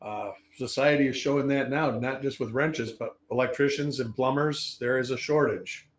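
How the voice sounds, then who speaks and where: Male panel guest, average pitch, easygoing, short agreeable remarks. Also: moderate pace. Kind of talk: casual panel chat.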